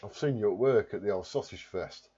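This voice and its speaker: Warwickshire bloke on a live stream, kinda low voice, rambles thru comments and swears a bit. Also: male voice, a little fast, mellow, husky, dull audio. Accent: Warwickshire English. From Warwickshire, England. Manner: rambling, self-mocking, swears casually. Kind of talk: casual live-stream chat reading comments.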